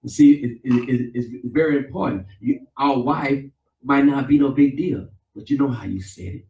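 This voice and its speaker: A man, a pastor preaching a sermon with call and response. He swings between loud, emphatic lines and softer ones. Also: mid-range voice, moderate pace, muffled recording, slight background noise. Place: church sanctuary. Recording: echoey church, mic at a distance.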